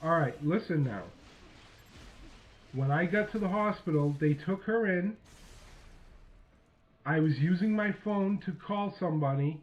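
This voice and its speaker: A man calmly and patiently explaining himself during a heated phone argument. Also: high voice. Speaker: host. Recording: dull lo-fi sound.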